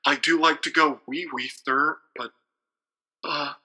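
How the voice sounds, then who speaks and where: An actor playing a timid, nervous pizza shop clerk who stammers and hesitates. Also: male voice, fairly high pitch, fairly even intonation, a little slow, bright, forceful tone, voice pushed up, heavily acted.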